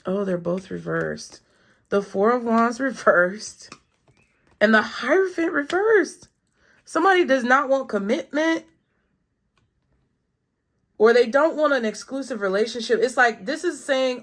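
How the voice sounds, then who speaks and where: A woman with a fairly high voice reads tarot cards for her audience. She talks in a loose, chatty way, thinking aloud and leaning on fillers as she works through each card. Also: measured pace, pauses often. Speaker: tarot reader. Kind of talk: casual collective tarot reading.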